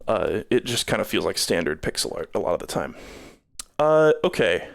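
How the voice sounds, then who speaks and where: Tired streamer man, smooth voice. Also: sits low, sing-song, moderate pace. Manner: rambling, many fillers and restarts. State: tired, losing his voice. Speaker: streamer reviewing games. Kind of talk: casual live-stream commentary.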